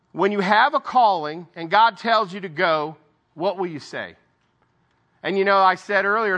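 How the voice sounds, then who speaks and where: A man's voice: high voice, bright, forceful tone. A man giving an informal Bible devotional, reading scripture aloud and breaking off for conversational asides. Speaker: lay preacher.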